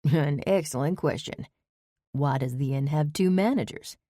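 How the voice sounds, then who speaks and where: A woman voicing a charming, laid-back male chef with a slow, courtly Southern drawl in an audiobook. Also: deep voice, mellow, no echo, studio quality. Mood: easy charm. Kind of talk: audiobook character voice.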